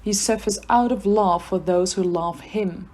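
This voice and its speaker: Woman, Dutch accent, mellow and breathy, earnest measured devotional reader for a church podcast. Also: medium pitch. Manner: earnest, measured reading of a prepared text. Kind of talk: scripted devotional reading.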